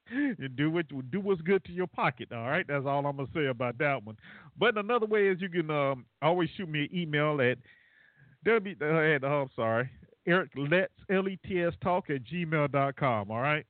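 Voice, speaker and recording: A man's voice: fairly high pitch, lively intonation, normal speed, dry recording. A man hosting a casual call-in talk show, rambling and laughing at his own jokes. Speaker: radio show host. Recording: dry, phone-like internet radio line.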